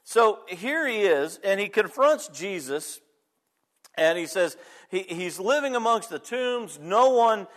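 A pastor telling a personal story in a sermon, conversational and talking straight to the congregation. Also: male voice, high voice, very animated, slow, fairly bright tone.

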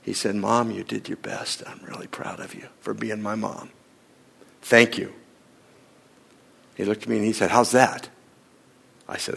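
Guy pastor telling a sermon story, raspy gravelly voice, does both parts of the talk, gets real quiet sometimes. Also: medium pitch. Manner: acts out both sides of a dialogue, drops to a hushed near-whisper in tender moments.

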